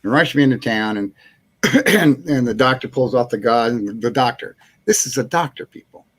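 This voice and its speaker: Man, host, casual storytelling, rambling, chuckles, acts out quotes, mid pitch. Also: normal speed. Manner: rambling, animated anecdote-telling with chuckles and acted-out quotes. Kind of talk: casual storytelling on a live chat show.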